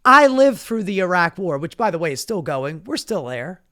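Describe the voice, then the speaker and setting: A political commentator rants with sass and plenty of swearing. The delivery is animated and comedic, full of asides like "baby" and "honey." The voice has a middle pitch. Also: moderate pace. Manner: sassy, profane, animated. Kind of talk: profane comedic political rant.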